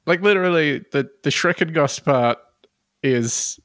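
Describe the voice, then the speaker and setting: A man's voice: on the high side, a little slow, fairly bright tone, no room sound, studio quality. A man co-hosting a casual comedy podcast, reading out a list of funny names and chuckling between them. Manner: reads out silly names with amused chuckles. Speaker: podcast co-host.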